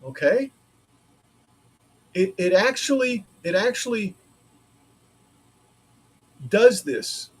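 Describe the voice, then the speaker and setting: A man's voice: high-pitched, a bit bright, slightly rough. A man chatting casually on a livestream from his woodworking shop, rambling and thinking aloud as he works. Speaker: maker streaming a laser-cut build.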